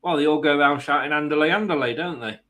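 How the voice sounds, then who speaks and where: A man's voice: a little high, fast talker, pushed and bright. A man hosting a football watchalong stream, mixing live match commentary with rambling, self-mocking jokes.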